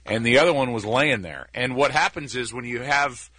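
A man in his forties talks candidly about himself, poking fun at himself and often stopping to restart a sentence. His voice is bright and clear and sits close to a dry studio mic. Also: medium pitch, no room sound. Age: 40s. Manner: candid, self-deprecating, with halting restarts. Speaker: guest, sports announcer. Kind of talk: relaxed conversational storytelling.

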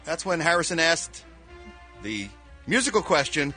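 A man delivers showbiz news on radio with dry, wry wit. His voice is bright and moves lively in pitch. Faint music plays underneath. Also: normal speed. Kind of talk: entertainment news segment.

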